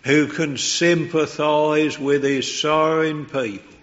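Slow, reverent preacher man. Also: fairly high pitch, fairly even intonation, lo-fi sound. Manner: slow, reverent and earnest, rising in fervour. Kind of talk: sermon.

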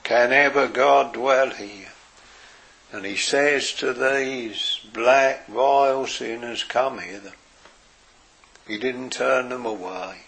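A man preaching a sermon in an earnest way, dropping his voice softly for quoted words. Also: medium pitch, steady tone. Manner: slow, earnest preaching with soft, quiet quoted phrases.

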